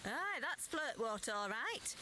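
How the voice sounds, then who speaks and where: A woman's voice: high voice, sing-song, unhurried. A woman voicing a matter-of-fact countrywoman villager in a game. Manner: matter-of-fact, homely advice. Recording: clear background noise.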